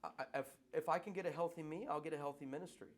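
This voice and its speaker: A middle-aged man, a pastor, answering audience questions in a lively, playful way that keeps circling back on its points. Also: on the high side, rapid-fire. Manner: animated preacher, playful, repeats himself.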